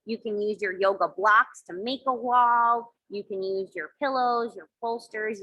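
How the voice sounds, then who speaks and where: A woman leading children through yoga poses and breathing games, giving gentle, encouraging instructions with playful sound effects. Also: a little high, fairly even intonation, a little slow, hardly any pauses, muffled recording. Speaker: kids yoga teacher. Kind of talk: guided kids yoga and mindfulness.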